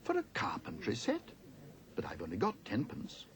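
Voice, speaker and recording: A man voicing an eager, polite young bear in a storybook reading, with high excited exclamations. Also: normal speed, a crowd in the background.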